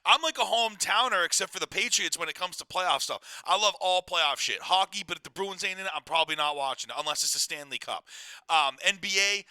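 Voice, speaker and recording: Bright-voiced swearing sports co-host, man. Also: sits high, brisk, clean tone, no echo. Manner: swearing, blunt. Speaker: podcast co-host. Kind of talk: casual sports talk.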